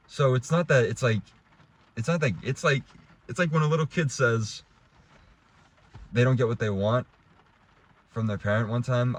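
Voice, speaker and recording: A man's voice: mid-range voice, expressive, moderate pace, pauses often. A young adult man giving a heated, rambling casual rant to camera, restarting and swearing as he talks. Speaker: vlogger.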